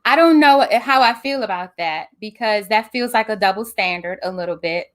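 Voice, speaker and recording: A woman's voice: mid-range voice, animated, normal speed. A woman in her thirties who hosts a web talk show, speaking playfully over a video call with frequent laughter and teasing. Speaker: host, minister.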